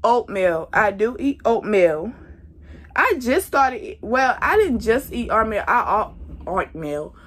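Young woman, casual vlogger, unhurried and chatty, slightly high voice, queasy. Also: sing-song, breathy edge. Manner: chatty, talks straight to viewers as y'all. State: nauseous. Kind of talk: casual pregnancy update vlog.

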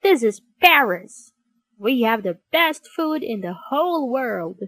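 A woman reading aloud as a chubby, cheerful male French bulldog who greets everyone brightly. The voice sits high and swoops eagerly, unhurried, with a dry, close sound. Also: very animated, no room sound, exaggerated voice. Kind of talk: children's storybook reading.

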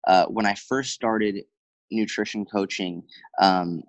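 In a conversational interview, a male fitness coach rattles off animated stories full of fillers and quoted dialogue. He has a lowish voice, and the audio is poor but free of echo.

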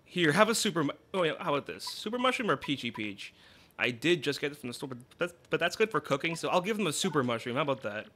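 A woman hosting a casual let's play, chatty and expressive as she reacts to the game. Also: deep voice, fast, slight background noise. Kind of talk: casual gameplay commentary.

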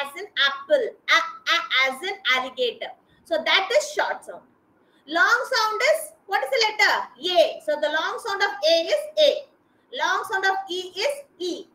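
High, bright kindergarten teacher. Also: female voice. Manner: patient, repeats and spells out sounds for small children. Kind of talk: online class teaching. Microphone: video call. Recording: roomy echo.

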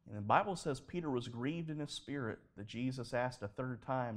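A man preaching a sermon at a live church service, telling stories in an animated way and acting out the dialogue. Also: mid-range voice, moderate pace, few pauses. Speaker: pastor.

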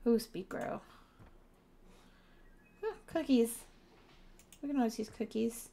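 A woman's voice: a little high, steady tone, brisk, gravelly, warm tone. A woman giving casual gameplay commentary as a streamer, chatting to her viewers and sounding tired. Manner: chatty, talks to chat viewers. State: tired, yawning. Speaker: gaming streamer.

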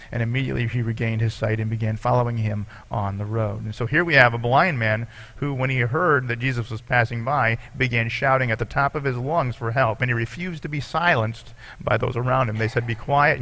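Gravelly-voiced man preaching a sermon. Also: medium pitch, a bit bright. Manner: earnest preaching, reading scripture aloud with asides. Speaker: pastor.

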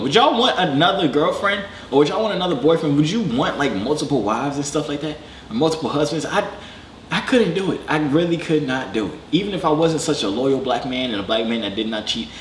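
Animated slangy young man reacting. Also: roomy sound, slight background noise. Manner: animated, joking, slangy, jumps to high excited pitch. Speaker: reaction video host. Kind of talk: casual reaction commentary.

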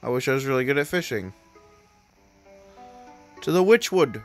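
A man's voice: medium pitch, animated, normal speed, pauses often, soft background music. A man casually commenting as he plays a video game, rambling and often restarting his sentences. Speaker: let's play host.

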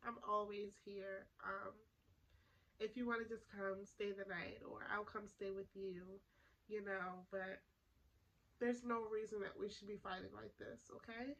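A woman playing an emotional young woman making up with her twin, soft-spoken and hesitant with sighs, in a class role-play. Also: medium pitch, steady tone, measured pace, low-quality recording. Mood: tearful.

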